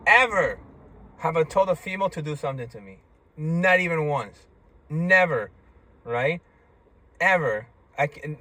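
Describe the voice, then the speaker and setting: A man's voice: mid-range voice, a bit bright. A man talking in a casual, rambling monologue, stammering through restarts and tagging lines with "right?" and "you see?".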